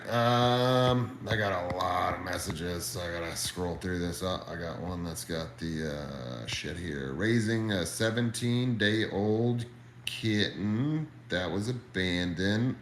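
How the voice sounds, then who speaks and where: Laid-back, swearing man with a deep voice. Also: fairly bright tone, reverberant, slight background noise. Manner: laid-back, profane, friendly. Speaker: livestream host and reptile keeper. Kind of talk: casual livestream chat reading comments.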